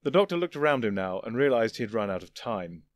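A man reading fan fiction aloud as narrator, measured and dramatic. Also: on the low side, big pitch swings, dry recording, clean studio sound.

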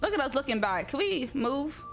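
A woman's voice: sits high, moderate pace, gravelly, soft background music. A woman streaming a horror game, chatting casually and arguing with exclamations and swearing. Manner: animated, exclamatory, argues and swears freely.

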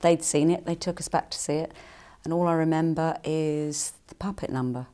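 A woman's voice: fairly even intonation, mellow, smooth. A middle-aged woman from England, an actress and singer, casually answering fan questions in a chatty, playful way. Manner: chatty and playful, with quick jumps into higher quoted voices.

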